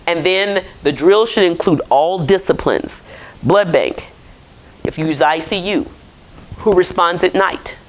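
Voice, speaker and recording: A woman's voice: fairly low pitch, unhurried, poor audio. A woman physician giving a conversational conference lecture and putting questions to the audience. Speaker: physician presenting to clinicians.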